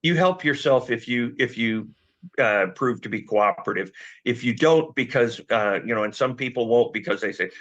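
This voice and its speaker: A man with a tiring, slightly hoarse voice talks through investigative procedure in a measured, filler-laden way. The sound is dull and lo-fi, like a remote call feed. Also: medium pitch, a bit bright. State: losing his voice. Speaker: former law enforcement guest. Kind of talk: conversational expert analysis. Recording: dull lo-fi audio.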